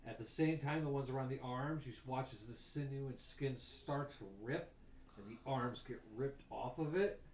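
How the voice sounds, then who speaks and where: A man's voice: medium pitch, normal speed, darkish tone. Man, game master, vivid gory storytelling, echoey room, faint background noise. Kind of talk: narrating a tabletop game.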